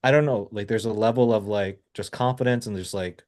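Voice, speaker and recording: A man's voice: on the low side, brisk, a little mellow. A man coaching sales reps over a video call, blunt and casual, pushing them for more energy.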